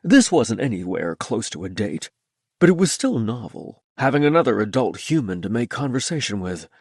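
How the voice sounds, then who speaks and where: Lively male audiobook narrator. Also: medium pitch, normal speed, slightly rough, no echo, clean studio sound. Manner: lively, expressive storytelling. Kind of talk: scripted first-person narration.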